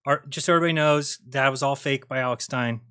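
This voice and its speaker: A man hosting a livestream, chatting loosely in a bright, forward voice at an ordinary pitch. He rambles as he goes and drops a swear word here and there. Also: steady tone, fast talker, clear, resonant tone. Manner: rambling, laid-back, swears. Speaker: livestream host. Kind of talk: casual livestream chat.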